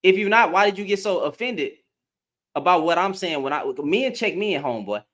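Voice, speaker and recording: Heated, high-voiced man ranting on a livestream. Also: lively intonation, brisk, fairly bright tone. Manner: heated, emphatic, repeats and restarts. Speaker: livestream host.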